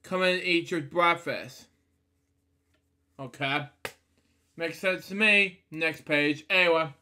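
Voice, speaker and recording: A man's voice: fairly high pitch, takes it slowly, bright, forceful tone, a little hiss or hum. A man reading a picture book aloud, stumbling over words, with fillers and side comments between pages. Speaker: storybook reader.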